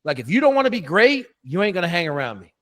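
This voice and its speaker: A man's voice: high-pitched, big pitch swings, quick pace, fairly bright tone. A middle-aged man, a coach, telling a story in a casual interview, blunt and profane with lots of emphasis.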